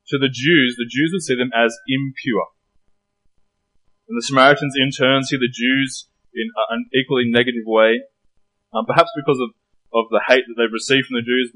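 A man preaching a sermon in a relaxed, conversational way, posing rhetorical questions. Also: mid-range voice, rough recording.

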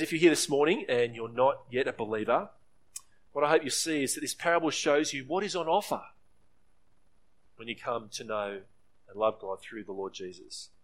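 A man delivers a sermon in an earnest, steady preaching voice. His pitch sits a little high for a man. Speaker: pastor.

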